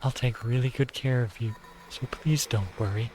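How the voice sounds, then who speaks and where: A male streamer reading a visual novel aloud and voicing an obsessive, possessive young woman who talks to her partner in a softly adoring, controlling way. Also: medium pitch, moderate pace, slight background noise, lightly acted, rough recording. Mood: tender.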